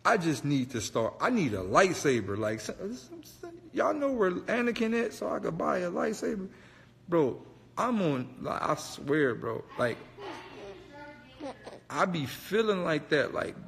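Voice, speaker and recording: A man casually telling a story, animated, slangy and profane. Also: on the high side, measured pace, vocal fry, in a large hall. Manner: animated, profane, slangy, keeps saying "bro".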